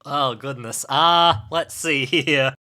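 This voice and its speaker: A man's voice: mid-range voice, takes it slowly, pushed and bright. A man co-hosting a comedy podcast, joking and chuckling with mock surprise. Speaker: podcast co-host.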